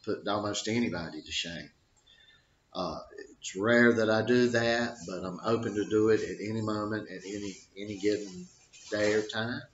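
A man's voice: fairly low pitch, steady tone, normal speed, slight background noise. An older man, a boxing trainer, giving rambling, folksy advice full of fillers and restarts. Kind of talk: casual advice talk. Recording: dull roomy recording.

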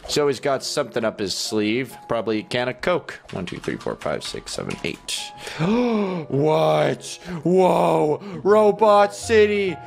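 A young man giving casual commentary as he plays a game, excitable and swinging from loud shouts to quiet muttering. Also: lowish voice, brisk, vocal fry, hardly any pauses, faint music behind. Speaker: gaming YouTuber.

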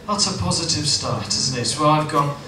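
A man's voice: a little high, moderate pace, background noise. A Welsh man doing a stand-up comedy set on stage, acting out voices for laughs in front of a live audience. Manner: lively, acts out voices for laughs. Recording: roomy live venue recording from far off.

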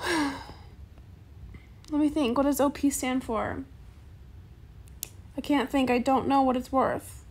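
A young adult woman in casual gameplay chat, soft-spoken and chatty, recorded on a phone in a quiet bedroom late at night. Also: sits high, steady tone, slow, pauses often. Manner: chatty, soft-spoken, calls viewers bestie. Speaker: gaming YouTuber.

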